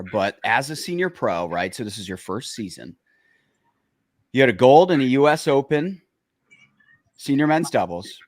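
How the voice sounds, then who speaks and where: A low-voiced man hosts a podcast and works through his questions haltingly, full of uhs and restarts. The recording is dry and close, with no room sound. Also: dry recording. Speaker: podcast host. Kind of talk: casual podcast interview.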